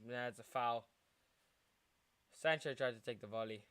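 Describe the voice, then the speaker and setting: A tired young man from South Africa giving excitable live commentary while streaming a football match as a fan. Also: medium pitch, a little slow, smooth. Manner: excitable fan, shouting at big moments, chanting. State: tired, yawning. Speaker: watchalong streamer.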